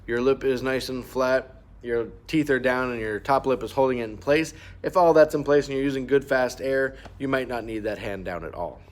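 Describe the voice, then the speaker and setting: A man at an ordinary middle pitch gives a patient clarinet lesson. He explains each fingering and marking step by step, now and then singing rhythms aloud to show them. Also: moderate pace. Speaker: band teacher. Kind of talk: instrument lesson walkthrough.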